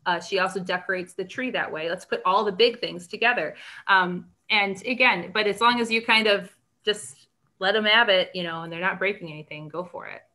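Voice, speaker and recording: A woman's voice: mid-range voice, a little fast, bright, forceful tone. A middle-aged woman presenting a live craft workshop in a chatty, upbeat way, laughing often. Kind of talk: casual live craft demonstration.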